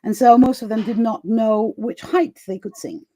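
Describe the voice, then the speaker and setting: Hosting a live summit conversation by video call, this woman is chatty and laughs a lot, stumbling through fillers and restarts. Her slightly high, mellow voice moves at a normal speed, with no room sound.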